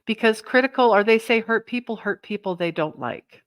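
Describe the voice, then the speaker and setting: A woman's voice: on the high side, expressive, normal speed, no room sound. A woman host giving a motivational talk to her viewers, earnest and emphatic, often asking "right?". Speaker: self-help channel host.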